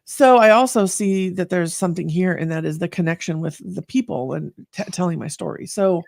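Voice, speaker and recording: A woman guest telling her story in a candid conversation, earnest and animated. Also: on the low side, brisk, vocal fry, no room sound.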